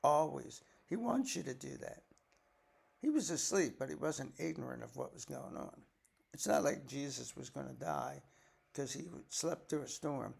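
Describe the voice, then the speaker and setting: A man's voice: medium pitch, animated, normal speed, gravelly, darkish tone, slightly rough. An older man, a grandfather, reading scripture aloud and breaking off for folksy, chatty asides to explain it. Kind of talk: bible reading with casual commentary.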